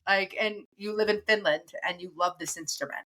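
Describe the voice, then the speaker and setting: A woman's voice: mid-range voice, normal speed. A woman with a mixed East Coast American accent, chatting casually as a podcast co-host and rambling with frequent laughs. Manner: rambling, animated, laughs often. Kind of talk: casual chat.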